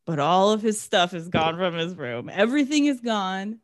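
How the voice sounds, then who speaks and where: A woman's voice: mid-range voice, animated, moderate pace, few pauses, no echo, studio quality. Sarcastic woman recapping a movie. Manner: sarcastic, swears, acts out characters' lines. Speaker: podcast co-host. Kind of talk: casual movie recap chat.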